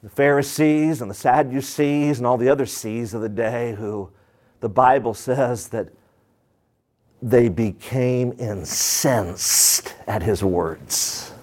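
A man's voice: mid-range voice, takes it slowly, a little mellow. A middle-aged man preaching a sermon, emphatic, asking rhetorical questions and repeating lines for stress.

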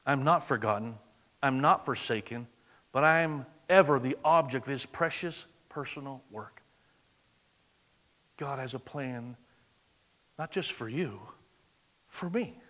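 A man preaching a sermon in church, swinging from loud exclamation to hushed, intimate prayer. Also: mid-range voice, unhurried, long pauses. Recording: long reverb of a large hall.

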